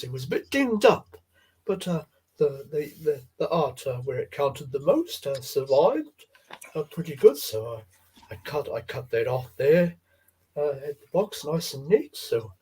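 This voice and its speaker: Husky, gentle man hosting a casual stream. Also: fairly high pitch, animated. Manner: halting, many fillers and repeats, gentle folksy tone. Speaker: live stream host. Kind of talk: casual chat about toy card art.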